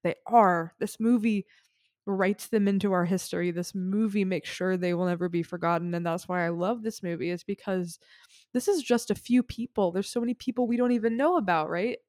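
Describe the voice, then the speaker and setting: A woman co-hosting a podcast is tearful, crying and sniffling as she talks earnestly and rambles about a film she loves. Her voice is medium in pitch, brisk and a little mellow. The recording is dry with clean studio sound.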